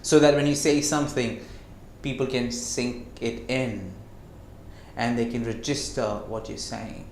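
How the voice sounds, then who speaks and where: A man giving a lesson on communication skills, who slows down to stress his words and keeps asking the listener rhetorical questions. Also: mid-range voice, darkish tone, slight background noise. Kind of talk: classroom-style lecture. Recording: echoey room.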